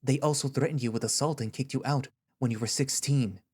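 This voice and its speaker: A man voicing a gentle, caring male therapist who speaks in a soft, reassuring, patient way in an audio story reading. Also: mid-range voice, a little fast, husky, close to an everyday voice. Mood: earnest.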